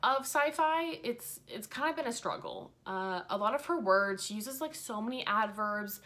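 A woman's voice: on the high side, expressive, normal speed, sharp tone. A young woman talking casually as a book vlogger, rambling frankly, full of fillers and swearing freely. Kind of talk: casual chat.

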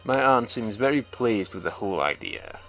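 This let's play commentator has a fairly low, expressive voice and a moderate pace. He reads a visual novel aloud, interrupting himself with wry, sarcastic jokes between lines, over a dull lo-fi recording with faint game music.

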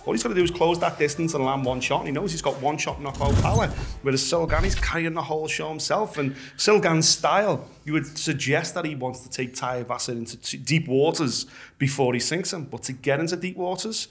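A man's voice: on the high side, fairly quick, faint music behind. A man speaking as a pundit on a sports preview show, emphatic and confident in his analysis.

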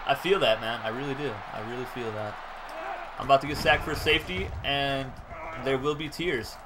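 A man streaming and commentating a football video game live, chatting with viewers and shouting on big plays. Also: mid-range voice, brisk, a crowd in the background, background noise. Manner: excitable, laughs often, breaks into shouting on big plays; chats with viewers. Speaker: gaming streamer.

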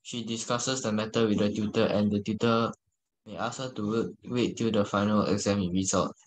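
A male student reading a passage aloud to his tutor in a careful, steady way. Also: fairly low pitch, normal speed, low-quality recording.

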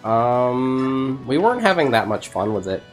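A man's voice: medium pitch, sing-song, unhurried, soft background music. A man hosting a let's play, chatting casually in a rambling way and laughing often. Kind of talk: casual gaming chat.

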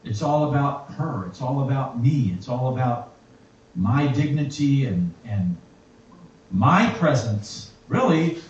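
A man preaching a sermon and reading scripture aloud in a slow, reflective way. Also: mid-range voice, lively intonation, a little mellow. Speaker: pastor. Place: church. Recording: echoey, distant, muffled church recording.

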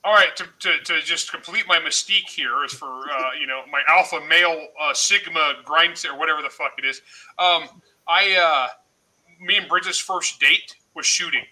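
A middle-aged man chatting loudly on a livestream, joking and laughing often. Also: on the high side, normal speed, rough recording. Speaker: guest author. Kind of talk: casual livestream chat.

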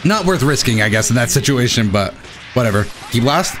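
A young man giving excitable, self-mocking live commentary while playing a fighting game. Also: medium pitch, brisk. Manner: excitable, self-mocking, shouts at big plays. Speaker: gaming YouTuber. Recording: game music playing behind. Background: game music.

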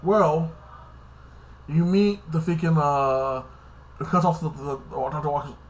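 A man talks through a TV episode recap in a loose, rambling vlog style. His voice sits a little higher than most men's. He keeps tacking "like this" onto his lines and swears freely. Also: fairly even intonation, measured pace. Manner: rambling, fills with "like this" and "like that"; swears casually. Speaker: TV episode reviewer.

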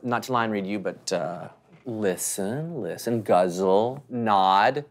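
A woman's voice: extremely low pitch, takes it slowly. An actress playing a condescending casting director who is patronizing to the auditioner, then gushes over her, then brushes her off. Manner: patronizing, then starstruck and gushing.

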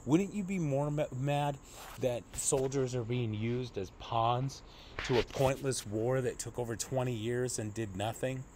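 A man's voice: mid-range voice, measured pace, darkish tone, slight background noise. A young man giving a profane, exasperated political rant as a commentary vlogger, mocking and blunt.

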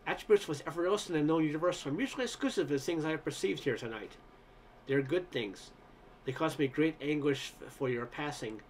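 A man's voice: on the high side, quick pace, slight background noise, close to an everyday voice. A man voicing an anguished male alien who speaks in stiff, formal sentences, pleading to be destroyed. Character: anguished towering alien with terrible eyes, male.

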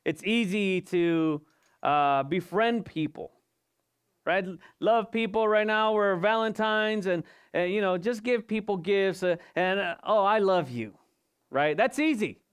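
Clear-voiced male pastor preaching. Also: high voice, a little slow. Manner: rhetorical questions and emphatic repetition. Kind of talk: evening sermon. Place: church service.

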